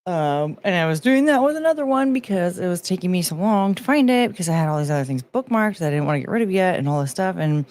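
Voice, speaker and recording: A woman's voice: on the low side, lively intonation, fast, hardly any pauses, darkish tone. A woman hosting her own livestream, chatting casually and greeting viewers by name with sing-song asides. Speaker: livestream host.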